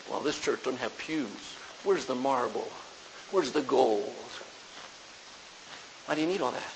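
A man's voice: sits high, a bit bright, low-quality recording. A man preaching a sermon as pastor, often asking his congregation "Amen?" as he goes. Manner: preaching with frequent call-and-response "Amen?". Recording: faint hiss.

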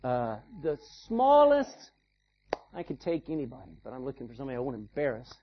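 A male pastor delivering an animated sermon, acting out little scenes and calling for amens. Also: medium pitch, a little fast, lo-fi sound, slight background noise. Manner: animated preaching with acted-out asides.

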